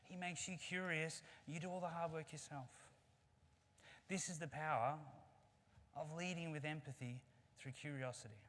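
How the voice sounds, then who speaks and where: Brief: earnest keynote speaker, conversational storyteller, long reverb of a big hall. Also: male voice, a little high, fairly even intonation, moderate pace, fairly bright tone. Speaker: conference speaker.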